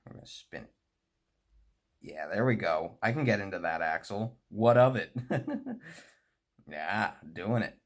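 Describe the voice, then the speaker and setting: Rambling American man, lively pitch. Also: measured pace, long pauses. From United States. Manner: rambling, chatty, laughs often. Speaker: model train hobbyist. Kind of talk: casual chat while working.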